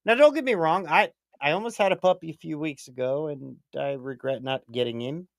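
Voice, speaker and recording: Man, slightly high voice, dry close sound, rambling and profane casual storyteller. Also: fairly quick, vocal fry, dry recording. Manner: animated, swings up in excitement. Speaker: prepper livestream co-host. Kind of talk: casual chat.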